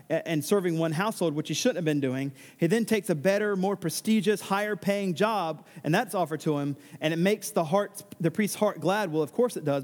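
A man's voice: fairly high pitch, a little mellow, big-room sound. A male pastor preaching a sermon, emphatic and given to exclamations.

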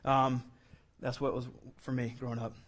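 A man's voice: medium pitch, level tone, normal speed. A man preaching a conversational sermon to a room, teaching verse by verse and adding joking asides. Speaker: pastor. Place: church room.

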